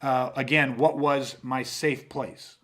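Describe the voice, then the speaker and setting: A man's voice: mid-range voice, steady tone, slow pace, a bit bright. A man hosting a podcast about self-defense, telling stories animatedly with lots of swearing and restarts. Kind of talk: casual podcast talk.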